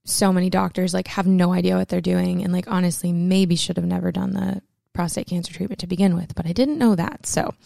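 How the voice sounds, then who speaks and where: A woman's voice: on the low side, fairly even intonation, fairly quick, gravelly, few pauses, mellow, no room sound. A young woman telling a personal story to camera, candid and emotional, chatty with many fillers and close to tears at times. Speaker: vlogger.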